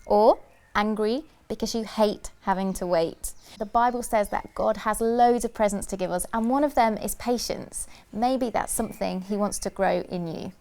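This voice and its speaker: A woman delivers a scripted children's church lesson. She talks gently and keeps asking the listener questions. She repeats short phrases in a steady rhythm, with a voice of ordinary pitch. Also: moderate pace. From United Kingdom. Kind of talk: scripted kids' talk.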